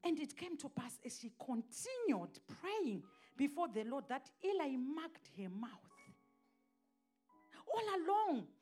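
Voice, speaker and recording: Woman preacher, very high voice, impassioned sermon, shouts and hushed readings, faint music behind. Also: sing-song, slow.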